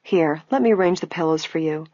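A woman reading an audiobook, voicing a kind, brisk young female detective who talks reassuringly. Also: low-pitched, dark tone, no room sound. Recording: dull, lo-fi, dry.

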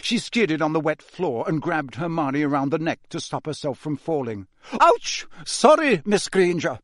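A man reads a novel aloud in steady, measured narration. His voice sits a little high for a man, and the recording is dry and close with no room sound. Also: no room sound. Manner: measured, even storytelling delivery. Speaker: audiobook narrator. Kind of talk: scripted storybook narration.

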